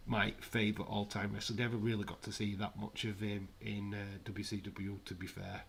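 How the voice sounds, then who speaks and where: A man's voice: fairly low pitch, level tone, normal speed, creaky, fairly bright tone, slight background noise. Man, casual watch-along host, sarcastic, rambling. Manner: sarcastic, rambling, jokey asides. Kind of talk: casual live wrestling commentary.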